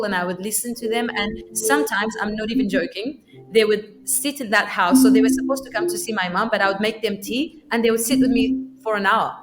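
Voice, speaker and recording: A woman's voice: medium pitch, heavy background noise. Kurdish-born woman telling her story. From Iraqi Kurdistan. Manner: lively, often repeats words as she restarts. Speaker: podcast guest. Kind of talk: personal storytelling.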